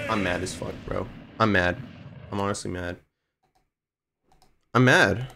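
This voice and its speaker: A young man chatting casually while streaming a game, slangy and excitable, swearing freely. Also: low-pitched, measured pace, vocal fry, pauses often. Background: game music.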